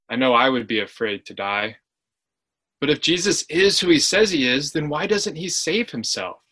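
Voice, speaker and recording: A man's voice: mid-range voice, bright, forceful tone. A man playing a troubled onlooker in ancient Jerusalem, in a reflective, questioning church monologue. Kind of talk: church dramatic reading.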